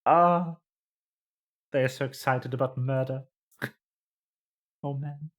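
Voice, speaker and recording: A man's voice: medium pitch, fairly even intonation, takes it slowly, long pauses. Wry chatty male streamer. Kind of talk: casual game commentary.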